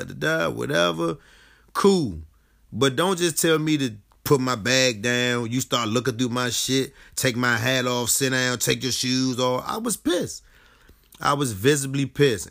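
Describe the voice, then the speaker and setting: Gravelly-voiced man ranting casually. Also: medium pitch. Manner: animated, profane, rising to heated outbursts. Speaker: commentator. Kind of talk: casual commentary on a news story.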